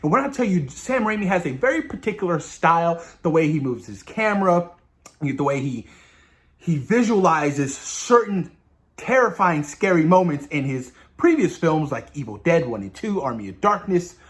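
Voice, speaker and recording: A man's voice: a little high, very animated, normal speed. Hyped young man gushing over a movie. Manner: hyped, gushing, swearing often. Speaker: movie review vlogger. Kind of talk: excited spoiler review.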